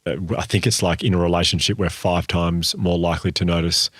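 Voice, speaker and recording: Fast-talking deep-voiced Australian man. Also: little pitch movement, a bit bright, no room sound. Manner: earnest, explanatory, speaks in long runs. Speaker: podcast co-host, speaker on gratitude. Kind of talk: casual podcast chat.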